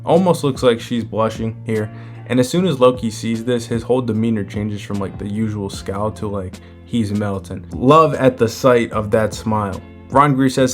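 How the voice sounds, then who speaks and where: A man giving a relaxed, casual recap of a manga chapter and chuckling as he retells its scenes. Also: lowish voice, normal speed, faint music behind.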